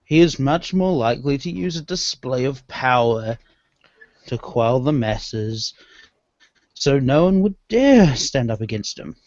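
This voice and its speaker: A man playing his character in a tabletop role-playing game, speaking slowly and mixing in small laughs. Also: mid-range voice, lively intonation, darkish tone, no echo. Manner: slow, laughs between lines. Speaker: player. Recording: dry, dull lo-fi recording.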